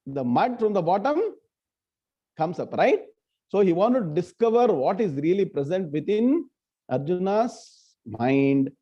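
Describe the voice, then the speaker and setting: A scripture teacher leads an online class over a video call, often quizzing students by name. His high voice has big pitch swings and a breathy edge, and he takes an unhurried pace. The audio is muffled and lo-fi.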